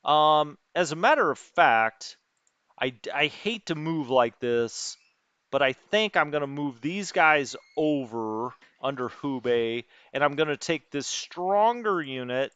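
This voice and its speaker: A man's voice: fairly high pitch, expressive, takes it slowly, a bit bright, clear, resonant tone, dry recording, dull audio. Chatty man thinking aloud over a wargame. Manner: thinks aloud, muttering over unit numbers; chatty with live chat, reads out comments. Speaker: strategy game streamer. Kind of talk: live-streamed wargame let's play.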